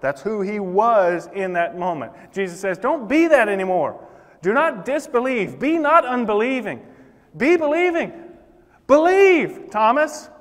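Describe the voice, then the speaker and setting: A man preaching a sermon in a church, impassioned, acting out the words of the figures in the Bible story. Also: high-pitched. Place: church sanctuary. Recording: long reverb of a church hall.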